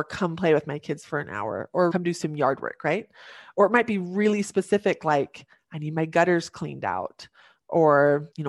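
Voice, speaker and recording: A woman's voice: fairly low pitch, dry recording, clean studio sound. A young woman speaking earnestly as a podcast guest, coaching listeners through practical tips and acting out the phrases they might say. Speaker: podcast guest giving advice. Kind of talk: warm encouraging advice talk.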